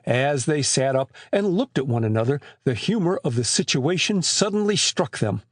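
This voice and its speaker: Husky guy reading an audiobook, lively delivery, super dry close mic. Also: on the high side, normal speed, no echo. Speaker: audiobook narrator. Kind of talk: scripted narration.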